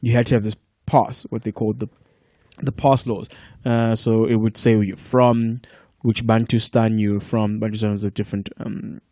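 A man in his thirties from South Africa, a podcast guest telling stories in a relaxed, profane way and laughing often. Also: fairly low pitch, moderate pace, dry recording, clean studio sound. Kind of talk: casual chat.

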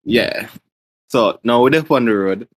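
A man's voice: mid-range voice, measured pace. A man, co-hosting a casual podcast, telling a story with teasing asides and slipping into Creole phrasing. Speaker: podcast co-host. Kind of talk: casual chat.

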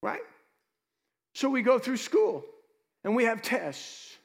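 A man preaching a sermon as pastor, with lively asides to the congregation. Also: very high voice, takes it slowly, vocal fry, big-room sound.

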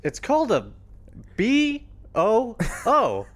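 Silly sports-star impression: very high, very slow, squeaky. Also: male voice, huge pitch swings, full character voice. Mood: goofy. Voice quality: drawn-out, squeaky and giggly. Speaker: podcast co-host.

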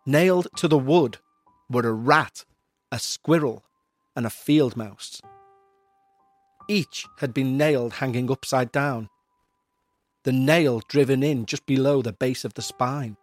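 A man hosting a podcast, reading out a listener's eerie story in a measured, somber way. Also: medium pitch, no echo, faint music behind. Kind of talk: narrated paranormal story.

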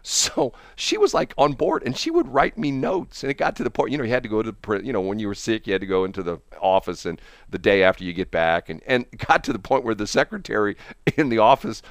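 A man's voice: fairly low pitch, sing-song, quick pace, no echo, clean studio sound. An older man chatting casually over a call, telling a long rambling story and laughing often. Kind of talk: casual chat.

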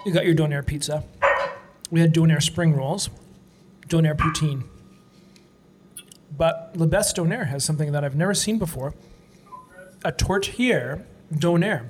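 A man's voice: a little high, unhurried, long pauses. A man from Canada hosting a casual food-review chat, enthusiastic and playful. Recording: clear background noise.

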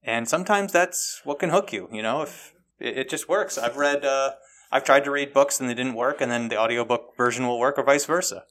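A man's voice: medium pitch, a little fast, a bit bright. A man hosting a podcast, keeping the talk easygoing and steering it along. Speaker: podcast host. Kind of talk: casual podcast chat.

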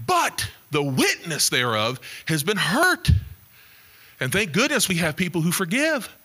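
A man preaching a sermon, his fairly high voice bright and forceful. His pitch swings widely, climbing for emphasis and sinking into quiet, lower asides. He talks in the animated way of a pastor at the pulpit.

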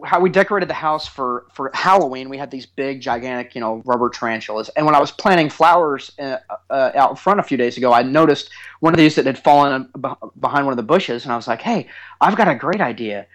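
A man in his thirties, co-hosting a podcast, telling comic stories in a casual chat with an animated, teasing, self-mocking manner. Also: mid-range voice, quick pace, hardly any pauses. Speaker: podcast co-host.

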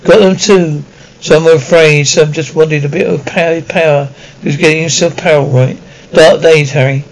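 Gruff kindly giant groundskeeper, a guy reading him, folksy and rambly, keeps restarting, slightly high voice. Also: fairly even intonation, moderate pace, few pauses, close to an everyday voice, rough recording. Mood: grave. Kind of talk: audiobook character reading.

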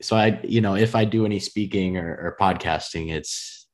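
A deep-voiced man from the American Midwest hosts a relaxed podcast conversation. His talk is laid-back and easygoing, sprinkled with "man" as he muses aloud. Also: moderate pace. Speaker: podcast host, designer. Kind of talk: casual podcast chat.

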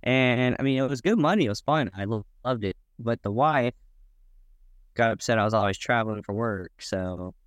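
A man as a podcast guest, explaining his work in a relaxed, plainspoken way. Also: medium pitch, normal speed, dry recording. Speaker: guest, boat builder. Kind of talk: casual podcast chat.

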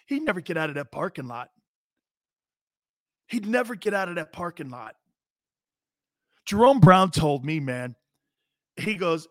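A brash male sports talk host who jokes loudly and hollers his points. His voice sits high, and he takes his time with the words, stretching them out. The sound is close and dry. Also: animated, a little slow, long pauses, no echo. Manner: loud, brash, joking, hollering. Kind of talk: live sports talk show.

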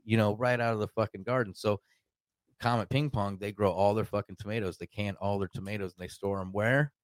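A man's voice: on the low side, dry recording. A man from Arkansas telling a rambling, profane story in a casual podcast chat, acting out the voices of the people he quotes. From Arkansas, United States.

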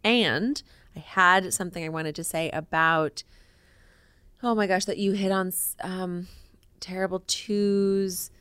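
A woman's voice: fairly low pitch, steady tone, slow, fairly bright tone, smooth, no room sound. A woman co-hosting a casual parenting podcast, talking in a thoughtful, reflective way and often restarting her sentences. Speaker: podcast co-host.

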